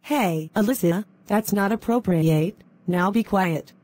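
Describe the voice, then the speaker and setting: A woman's voice: medium pitch, a little slow, darkish tone, lightly acted. A synthetic female voice playing a firm schoolteacher in a cartoon. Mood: stern. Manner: firm, warning tone. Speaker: teacher.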